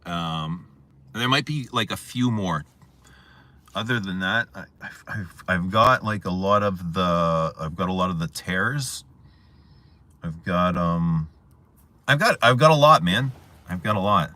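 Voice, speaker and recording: A man hosting a casual livestream, chatting to viewers and telling stories in a chatty, animated way. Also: low voice, unhurried. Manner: chatty, storytelling, animated retelling. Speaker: livestream host.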